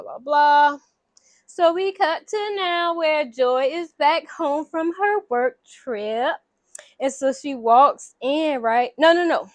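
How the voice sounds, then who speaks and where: A woman casually retelling a movie plot in slangy, animated storytelling, acting out the characters' lines. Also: sits high, no echo. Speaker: vlogger recapping a movie.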